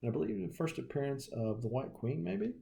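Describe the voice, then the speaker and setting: A man's voice: medium pitch, sing-song, a little fast, vocal fry, mellow, slight background noise. A man with a Southern US accent, casually showing his comic collection with folksy, joking asides. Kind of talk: casual show-and-tell.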